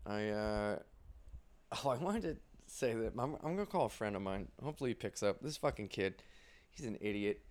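This man's voice sits on the low side, slightly mellow, with lively intonation. He's a stand-up comedian spinning rambling, profane stories in a loose monologue, firing off quick bursts and performing the quotes.

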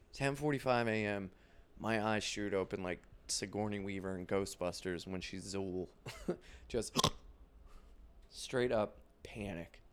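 A man's voice: on the low side, vocal fry. A man, a comedian, telling rambling stories in a casual monologue, swearing a lot and acting out quotes. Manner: profane, rambling, quick bursts, acts out quotes. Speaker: stand-up comedian.

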